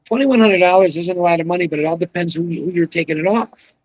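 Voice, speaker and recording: Man, 70s, high-pitched, rambling storyteller, emphatic, podcast chat, dull lo-fi sound. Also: fast talker, dry recording. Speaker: guest, retired pro bowler.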